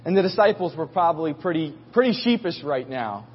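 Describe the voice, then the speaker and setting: A man's voice: fairly high pitch, very animated, fairly quick, slightly rough. A man preaching a sermon as a pastor, telling the story in a casual, folksy way and acting out voices. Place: church. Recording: muffled recording in a reverberant hall.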